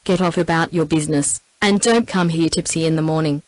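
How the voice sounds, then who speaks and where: Sharp old boss, snapping orders, read low and level by an Australian female TTS voice. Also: brisk, dry recording, natural voice, poor audio. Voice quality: flat synthetic delivery. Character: stout little old male employer, sharp and snappish.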